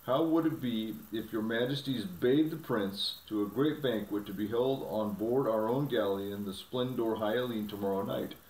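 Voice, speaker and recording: A man voicing an excitable male fawn who talks in an eager, breathless rush, for a storybook reading. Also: on the low side, moderate pace, hardly any pauses, lightly acted. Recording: roomy, from a distance.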